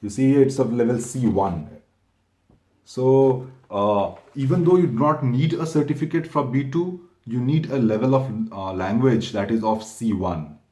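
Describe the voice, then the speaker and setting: A man giving an informal, step-by-step explainer talk to viewers, halting often and correcting himself as he goes. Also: medium pitch, dark tone. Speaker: exam prep channel host. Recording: echoey room.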